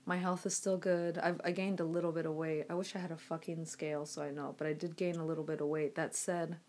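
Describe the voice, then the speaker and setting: A woman's voice: low voice, level tone, quick pace, a little mellow. A woman vlogging to her audience on a phone, rambling with many fillers and frequent swearing. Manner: frustrated, swearing, filler-heavy. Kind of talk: casual rambling to camera.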